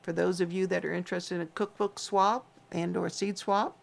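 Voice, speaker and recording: A woman's voice: fairly low pitch, little pitch movement, moderate pace, vocal fry. A woman co-hosting a casual livestream, teasing and chatty as she reads out viewer names and comments. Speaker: co-host of a homestead livestream. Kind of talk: casual live chat reading viewer comments.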